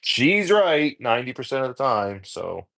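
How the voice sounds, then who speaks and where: A man's voice: mid-range voice, very animated, normal speed, vocal fry, fairly bright tone, no room sound. A man casually chatting while prepping food, rambling and self-deprecating, swearing freely, with a New Jersey accent. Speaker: home cook content creator. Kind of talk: casual chat while cooking prep.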